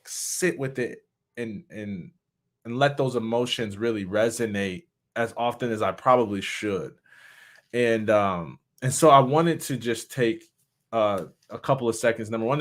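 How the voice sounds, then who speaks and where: A middle-aged man talks with a frank, reflective openness. His speech halts and restarts as he gathers his thoughts, the words sincere rather than polished, in a voice of ordinary middle pitch. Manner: candid, halting, with many restarts and soft laughs. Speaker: motivational speaker and suicide survivor. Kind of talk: personal reflective talk.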